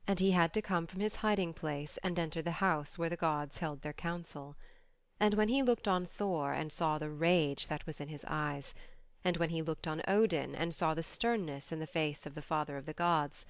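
Dry, lowish-voiced woman narrating a myth. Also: clear, resonant tone, no room sound. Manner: measured storytelling. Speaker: audiobook narrator.

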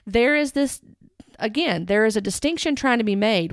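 Woman commentator, earnest and direct, smooth clear tone, dry close sound. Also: a little high, expressive, normal speed, dry recording. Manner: earnest, direct, stressing words. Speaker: Christian commentator. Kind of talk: earnest commentary with read-aloud quotes.

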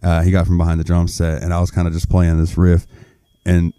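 A laid-back man with a very low, very dark voice, chatting on a podcast. He tells a rambling story in a relaxed way, and his voice sounds dry and close. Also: fairly quick, clear, resonant tone, no echo. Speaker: podcast co-host. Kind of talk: casual chat.

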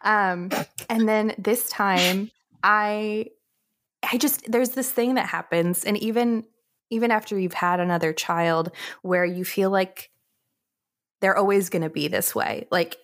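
A woman's voice: medium pitch, steady tone, measured pace. A woman and mother talking candidly on a casual podcast, with many fillers and restarts as she confesses her worries.

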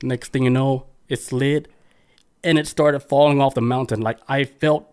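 Man, podcast co-host, casual chat, profane, mid-pitched, storytelling. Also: steady tone, moderate pace, clear, resonant tone. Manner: loose, profane storytelling with many "I was like" quotes; reads listener comments aloud.

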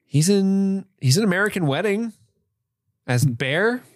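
Animated man chatting about a film. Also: high voice, unhurried, dry recording, clean studio sound. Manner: laughs often, acts out movie lines in put-on voices. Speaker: podcast co-host. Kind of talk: casual film review chat.

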